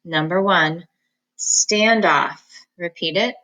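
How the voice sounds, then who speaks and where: Woman reading teacher, slow deliberate pace, bright tone, lowish voice, clear syllable-by-syllable enunciation. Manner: repeats each word for the listener to echo. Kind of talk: phonics lesson, slow and clear.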